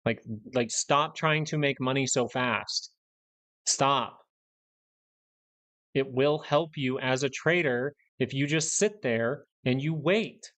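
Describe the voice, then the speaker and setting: A man's voice: medium pitch, slow, fairly bright tone. A young man hosting a live stock market stream, ranting bluntly and repeating points for emphasis. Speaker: stock market livestream host.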